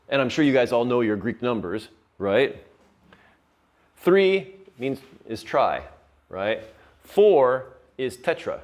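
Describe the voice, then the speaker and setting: Slow, patient male teacher. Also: medium pitch. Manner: slow, patient, checks in with "right?". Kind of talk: classroom lecture.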